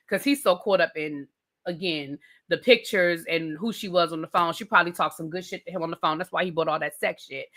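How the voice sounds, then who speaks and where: A woman's voice: on the low side, sharp tone. A woman, ranting bluntly and casually about a TV show she reviews, swearing freely.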